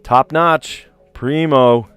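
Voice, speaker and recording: A man's voice: mid-range voice, fairly even intonation, extremely slow, a bit bright, clean tone, dry recording, soft background music. A man casually chatting on a live stream, reading puzzle clues aloud and rambling to his viewers. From New Jersey.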